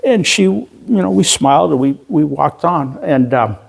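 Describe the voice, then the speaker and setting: Male pastor, sermon storyteller; slightly high voice, slow halting delivery with self-deprecating humor. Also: gravelly, a little mellow, husky. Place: church sanctuary.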